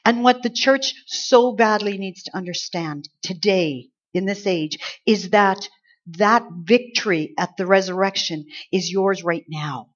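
A woman preaching a conversational Easter sermon, acting out quoted lines with lively emphasis. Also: medium pitch, unhurried. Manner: conversational, animated, acts out angels' lines. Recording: slightly dull lo-fi sound.

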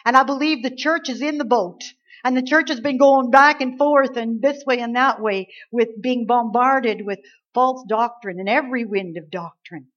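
A woman's voice: a little high, normal speed, muffled recording. Earnest woman preaching a sermon. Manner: earnest, emphatic, quotes scripture.

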